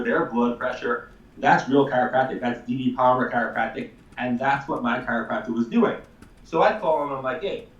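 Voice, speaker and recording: Animated man. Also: medium pitch, roomy sound, far from the mic, dull audio. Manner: animated, emphatic, swears casually. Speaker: chiropractor guest. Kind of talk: casual storytelling on a live show.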